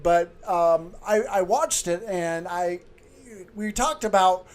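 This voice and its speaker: A middle-aged man co-hosting a casual chat show, rambling and getting excited. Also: high voice, slow pace. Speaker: podcast co-host, clown.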